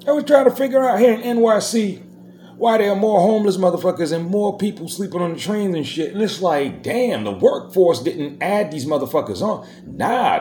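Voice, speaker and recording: A man hosting a profane, rambling street-talk rant, loud and emphatic. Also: medium pitch, roomy sound. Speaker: host of a rant vlog.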